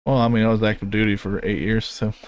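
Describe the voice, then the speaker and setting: Relaxed, dry-sounding podcast host, man. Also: lowish voice, moderate pace, no room sound. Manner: relaxed, rambling, laughs easily. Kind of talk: casual chat reviewing race car paint schemes.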